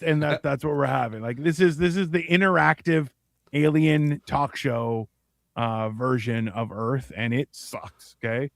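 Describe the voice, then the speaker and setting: A man's voice: mid-range voice, a little slow, creaky, no echo. A man co-hosting a podcast in crude casual banter, rambling with fillers and acting out quotes, recorded close in a studio. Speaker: co-host.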